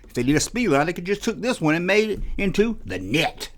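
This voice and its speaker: A man's voice: sits high, very animated, fairly quick. A man hosting a toy channel, rambling through a casual, jokey monologue and often stopping to correct himself.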